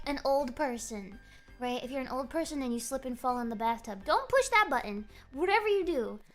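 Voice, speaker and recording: A young woman streaming, telling a rambling story in a giggly, animated way. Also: sits high. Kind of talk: casual chat. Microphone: streaming microphone.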